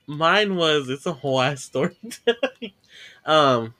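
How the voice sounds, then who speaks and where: Male podcast host, slightly high voice, casual profane storyteller. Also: expressive, slow pace, sharp tone. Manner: profane, laughing, acts out dialogue in the story.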